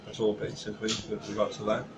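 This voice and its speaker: A man's voice: lowish voice, monotone, quick pace, heavy background noise. A man, a chef guest on a podcast, telling stories casually with many fillers and restarts. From Wales.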